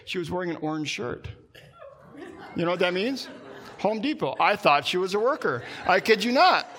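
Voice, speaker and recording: A man preaching a sermon in a conversational way, slowing down and dropping his voice for emphasis. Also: sing-song, fairly bright tone. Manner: conversational preaching, slows down and drops low for emphasis. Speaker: pastor.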